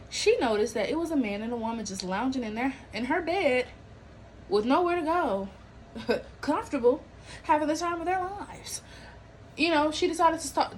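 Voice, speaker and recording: This podcast host's voice sits on the high side, and the low-quality recording carries slight background noise. She talks about celebrity gossip and viral stories in a lively, slangy way, laughing a lot and performing quotes.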